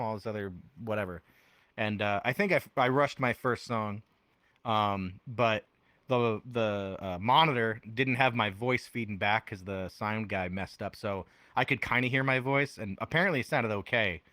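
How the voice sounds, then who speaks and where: A young man, a musician appearing as a podcast guest, chats casually at normal speed and tells animated stories, acting out other people's quotes with big pitch jumps. He's wearing headphones, and there's no room sound.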